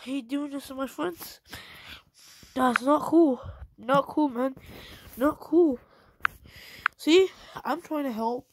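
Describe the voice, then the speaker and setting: Speaking slowly with long pauses, a high-pitched young woman scolds another video maker in an angry, repetitive rant to the camera. Background noise can be heard.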